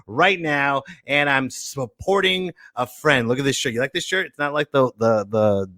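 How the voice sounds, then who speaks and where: A male podcast host in casual live-stream chat, excitable and playful, full of jokey asides. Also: mid-range voice, normal speed, few pauses, dry recording, clean studio sound.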